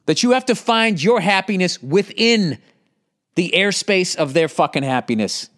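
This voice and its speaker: A middle-aged man with a Boston accent and a high voice hosts a podcast at a moderate pace. He reads listener letters aloud, then rants back in an animated way, swearing constantly.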